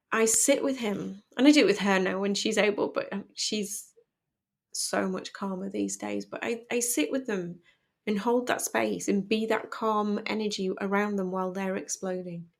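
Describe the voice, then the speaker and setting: A middle-aged woman speaking candidly and emotionally as a podcast guest about parenting. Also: medium pitch. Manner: candid, emotional, animated storytelling. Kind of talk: personal conversation.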